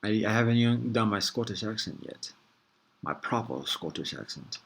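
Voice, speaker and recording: A man with a somewhat low voice talks through his thoughts in a relaxed, rambling monologue. He circles back, restarts sentences and drops casual slang as he hosts. The delivery is easygoing and reflective. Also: moderate pace, creaky, husky. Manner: meandering, thinks aloud with frequent restarts. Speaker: host.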